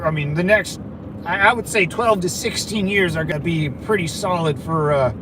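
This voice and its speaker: A man's voice: fairly high pitch, normal speed, background noise. A middle-aged man hosting a casual livestream, chatting loosely and reading viewer comments. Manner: loose, rambling, slangy, calls viewers brother. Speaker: livestream host.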